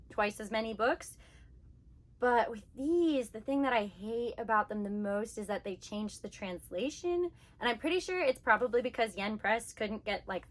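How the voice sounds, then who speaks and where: A woman talks to her camera in a casual vlog, her voice sitting a little higher than most. She rants animatedly and fills her sentences with "like". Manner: animated ranting, heavy use of "like". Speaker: book vlogger.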